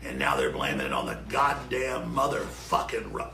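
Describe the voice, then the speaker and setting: Furious gravelly man ranting off air. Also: fairly low pitch, very animated, moderate pace, echoey room, heavy background noise. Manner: profane, shouting, furious. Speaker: radio and web show host. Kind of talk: angry off-air rant before a live broadcast. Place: broadcast studio.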